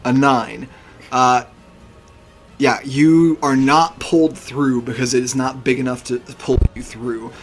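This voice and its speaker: Slow gravelly-voiced man running a game. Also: medium pitch, fairly even intonation, faint music behind. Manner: slow, hushed descriptive narration. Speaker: game master. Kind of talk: narrating a tabletop game.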